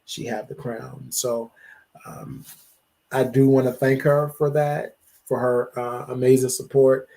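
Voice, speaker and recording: A man's voice: level tone, gravelly, mellow. A man hosting a livestream, emotional after crying, repeating his thanks to viewers over and over. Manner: jumps to high drawn-out greetings when welcoming viewers. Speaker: livestream host. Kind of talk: emotional live stream chat with viewers.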